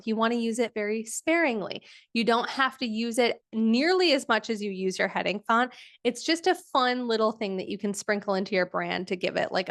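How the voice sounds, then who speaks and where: A woman's voice: on the high side, no echo, clean studio sound. A woman teaching a live online design workshop, casual and chatty with lots of fillers like "um" and "like".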